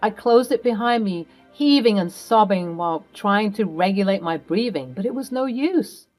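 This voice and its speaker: A woman's voice: medium pitch, expressive, moderate pace, darkish tone. A woman narrating a scripted first-person story in a dramatic, emotional way, over faint music.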